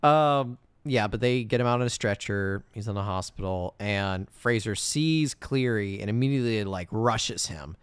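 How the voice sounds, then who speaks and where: A man co-hosting a casual movie review podcast, agreeable and quick to laugh as he recaps scenes. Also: fairly low pitch, clean tone, no echo. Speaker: podcast co-host.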